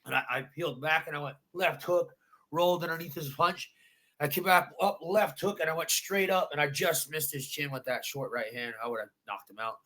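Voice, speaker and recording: An adult bare-knuckle fighter recounts his win in a post-fight interview. His voice is a little high, brisk, and bright with a forceful tone, and his storytelling is intense and emphatic, with repeated phrases.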